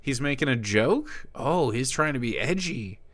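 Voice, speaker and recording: A man's voice: mid-range voice, animated, measured pace, fairly bright tone, no echo. A man streaming live, giving sarcastic, mocking commentary on a video clip. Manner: sarcastic, mocking asides with laughs. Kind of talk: casual commentary.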